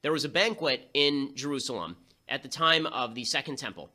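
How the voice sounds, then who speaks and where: Rapid, sharp-voiced male political host. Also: mid-range voice. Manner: rapid-fire, sarcastic, quick asides. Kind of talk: political commentary monologue.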